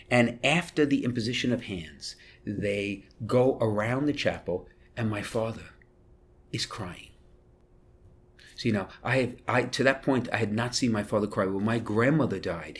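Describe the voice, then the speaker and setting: A man who is a Catholic priest, telling a personal story in an interview in an animated way and acting out what people said. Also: medium pitch, a little hiss or hum. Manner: animated storyteller who acts out quotes and laughs.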